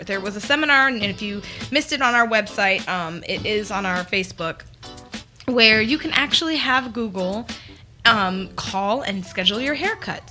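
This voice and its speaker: A woman co-hosting a casual radio show, animated and quick to laugh. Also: a little high.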